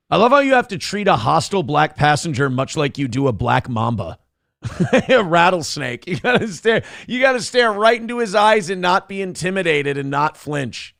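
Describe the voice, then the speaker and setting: A man's voice: a little high, big pitch swings, normal speed, vocal fry, fairly bright tone, no room sound, studio quality. A man hosting a morning show, commenting sarcastically on a viral video and laughing at it.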